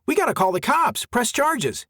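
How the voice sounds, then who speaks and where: A hotheaded golf buddy, put on by a male narrator, loud and high with indignation. He bursts out in excited rants, recorded dry and close. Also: moderate pace, dry recording, full character voice. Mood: agitated. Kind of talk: audiobook character voice.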